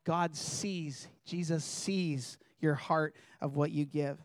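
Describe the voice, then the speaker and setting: Male preacher, slightly high voice, earnest and chatty delivery, dry close sound. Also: steady tone, slow, no echo. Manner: earnest, conversational, reads scripture aloud. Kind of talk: sermon.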